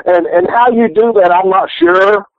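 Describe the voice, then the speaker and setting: A man's voice: high-pitched, moderate pace, no room sound. A man with a Southern US accent, a wrestler calling in from his living room, rambling and swearing as he jokes. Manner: profane, rambling, joking. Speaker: guest wrestler. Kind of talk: phone-in interview. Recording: phone line.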